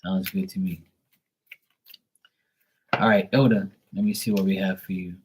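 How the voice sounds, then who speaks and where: A man hosting a casual live tarot reading, affectionate and encouraging, reading card messages slowly into a phone. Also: sits low, little pitch movement, a little hiss or hum. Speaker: live tarot card reader, stream host.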